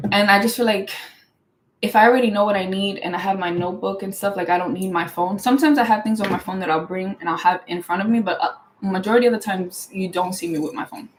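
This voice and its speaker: A young woman hosts her own show and tells a personal story in a casual, rambling monologue. She is emphatic and animated and talks quickly. Her speech is loose, full of "like" fillers and restarts. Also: mid-range voice, slight background noise, low-quality recording. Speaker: show host.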